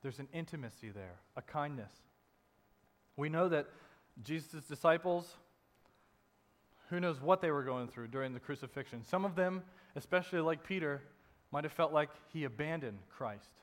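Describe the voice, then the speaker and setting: A man's voice: lively intonation, normal speed. Man preaching in a reverberant hall. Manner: conversational preaching, drops soft and low for emphasis. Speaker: pastor. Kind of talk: sermon.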